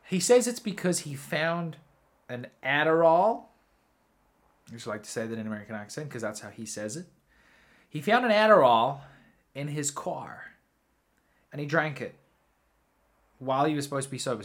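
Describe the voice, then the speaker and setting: A man's voice: medium pitch, fairly bright tone. A man hosting a solo podcast, telling a story in a rambling, casual way, swearing freely and often correcting himself. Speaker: podcast host.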